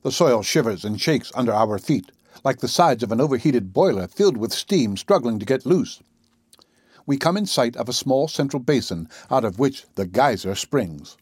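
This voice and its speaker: A man narrating a classic adventure novel in the first person, with a husky voice and measured storytelling. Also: medium pitch, expressive, a little mellow, no echo, clean studio sound. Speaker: audiobook narrator.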